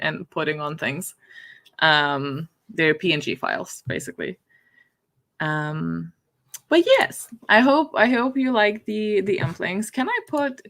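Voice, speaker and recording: A woman's voice: low voice, creaky, a bit bright. A woman chatting casually on a livestream, giggling often as she talks. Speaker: book streamer.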